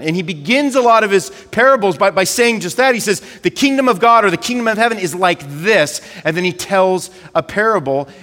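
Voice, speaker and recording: A male pastor, giving a conversational, animated sermon and leaning on filler words. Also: high-pitched, big-room sound.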